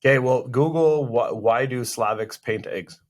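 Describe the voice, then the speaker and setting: A man co-hosting a casual podcast chat, joking and rambling, often cutting in on his partner. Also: medium pitch. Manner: joking, rambling, quick to interrupt. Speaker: podcast co-host.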